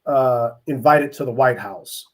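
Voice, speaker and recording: A middle-aged man from East Oakland, telling his life story as an interview guest, earnest and halting with many restarts. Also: medium pitch. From East Oakland, California. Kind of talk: reflective personal storytelling.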